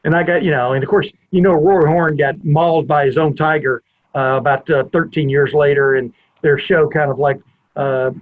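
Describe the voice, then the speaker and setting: A man hosting a podcast, telling a long rambling anecdote from his home and often wandering off on tangents. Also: a little high. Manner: rambling, digressive storyteller. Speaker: podcast host. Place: home family room. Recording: tinny phone-like line.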